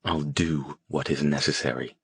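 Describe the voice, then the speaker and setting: A man voicing a cold, dispassionate male mage who speaks flatly and without emotion. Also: extremely low pitch, normal speed, no echo, studio quality. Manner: flat, clipped, emotionless.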